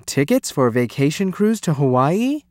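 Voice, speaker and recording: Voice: medium pitch, big pitch swings, moderate pace, a little mellow, no echo, lightly acted. A man reading a storybook aloud, voicing shocked parents who exclaim in surprise.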